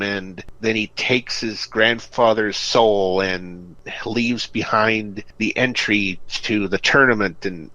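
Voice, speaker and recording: A man's voice: fairly low pitch, fairly bright tone, dry recording, poor audio. A man co-hosting a casual podcast, recapping the plot in a loose, chatty way. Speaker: podcast co-host.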